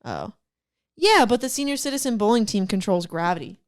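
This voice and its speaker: Young woman rambling and giggling on a podcast, smooth clear voice, lots of "like". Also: medium pitch, very animated, fairly quick. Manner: giggly, rambling with many fillers. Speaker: podcast co-host. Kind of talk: casual chat.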